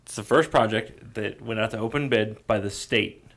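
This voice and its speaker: A man co-hosting a podcast, lively and casual, acting out back-and-forth exchanges as he tells an anecdote. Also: lowish voice, moderate pace. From Nevada. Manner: animated anecdote teller, acts out quoted exchanges. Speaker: podcast co-host. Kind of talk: casual chat.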